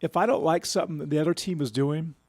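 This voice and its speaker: Measured male coach, dry close sound. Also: fairly high pitch, a little mellow, no room sound. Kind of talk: casual radio chat.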